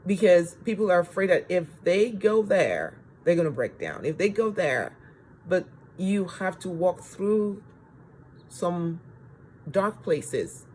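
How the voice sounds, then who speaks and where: A man's voice: high voice, slight background noise. A man giving a recorded self-help lecture as course instructor, earnest, putting rhetorical questions to the listener and repeating phrases for emphasis.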